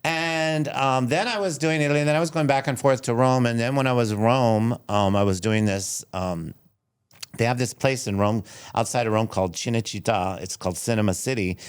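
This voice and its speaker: A middle-aged man from the United States, a chef and restaurant owner, telling animated stories in a casual interview and laughing often. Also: medium pitch, brisk, smooth. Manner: animated storyteller, laughs often, acts out quoted voices.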